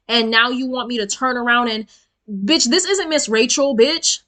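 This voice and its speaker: A woman's voice: on the high side, moderate pace, sharp tone. A young woman telling a storytime rant to her viewers, blunt and profane, calling them y'all and getting more worked up as she goes. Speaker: storytime vlogger.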